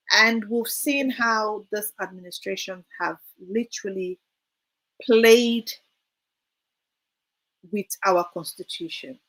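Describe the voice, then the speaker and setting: A woman's voice: mid-range voice, fairly bright tone. Female co-host, mid-range voice, earnest and a little hesitant. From Sierra Leone. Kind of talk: political discussion.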